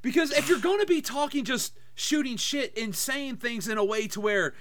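A man's voice: very high-pitched, animated, normal speed, a bit bright. A man co-hosting a podcast, chatting casually and ranting in a crass, profane way. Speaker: podcast co-host. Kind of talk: casual banter.

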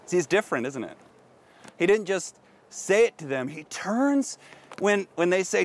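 A man's voice: high voice, sing-song, unhurried, a little hiss or hum. Man preaching outdoors, musing aloud. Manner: earnest, musing aloud with questions. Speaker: pastor. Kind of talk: outdoor sermon. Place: outdoors at a historic site.

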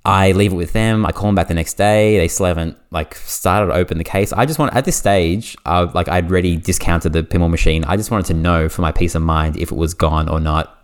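An Australian man hosting a podcast, telling a story in casual chat, animated and full of "like" fillers. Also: deep voice, smooth. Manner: animated, fast anecdote with lots of "like" fillers. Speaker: podcast host.

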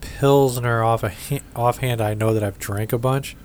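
A podcast host with a Midwestern American accent reviews beers in casual chat, blunt, profane, and always ready with a joke. His mid-range voice is darkish, fairly even, and moderately paced, with a little hiss or hum and faint room ambience behind it.

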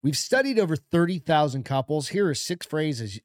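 Sarcastic, lively-voiced man co-hosting a podcast. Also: fairly high pitch, moderate pace, no echo, studio quality. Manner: sarcastic, profane, reading a list aloud with mock earnestness. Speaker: podcast co-host. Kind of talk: comedic podcast banter.

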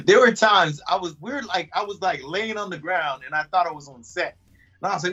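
A man's voice: on the high side, moderate pace, muffled recording. A man, an actor, telling stories from a shoot in a casual interview, laughing often as he goes. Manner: laughing, animated storyteller.

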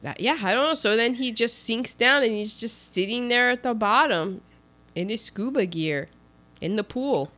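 Animated woman retelling a film. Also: fairly high pitch, normal speed. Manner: animated, acts out lines with restarts. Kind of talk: casual chat retelling a film.

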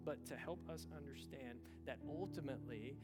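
A man's voice: mid-range voice, normal speed, loud music behind the voice. A man pastor preaching a sermon to a church, talking earnestly and conversationally and rising to intense swells. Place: church service.

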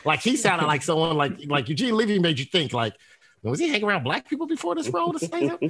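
A man's voice: sits high, very animated, fast, a bit bright. A man co-hosting a podcast, teasing and laughing in casual banter. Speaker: podcast co-host. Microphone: studio mic.

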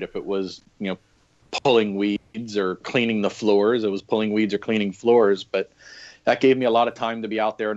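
Fairly low in pitch and a little mellow, this man's voice comes through dull, lo-fi remote audio. A former EMT and historic fort coordinator, he is a podcast guest telling casual, wandering stories about old jobs, laughing and using plenty of fillers.

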